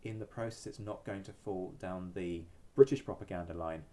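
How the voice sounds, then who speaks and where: A male historian explains his subject in a measured, thoughtful way, pausing often on ums. His voice sits a little low and sounds dark and mellow. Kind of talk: expert commentary.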